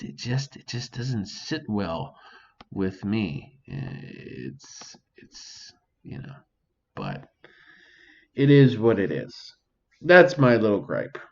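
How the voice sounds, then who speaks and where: A man's voice: mid-range voice, highs cut off. A man hosting a casual solo podcast, swearing freely and speaking to an imagined audience, recorded at home. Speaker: podcast host. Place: home near a sink.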